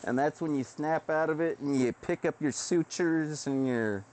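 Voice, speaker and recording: A man's voice: on the high side, normal speed, a little mellow, a little hiss or hum. A man in a rambling, profane, self-deprecating live-stream monologue, recorded indoors on a webcam setup.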